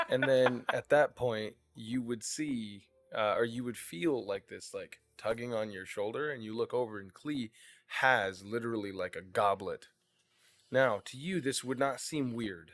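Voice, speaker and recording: A man's voice: mid-range voice, measured pace, a bit bright. A man narrating as dungeon master, casual and loose, swearing at times. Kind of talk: narrating a tabletop game.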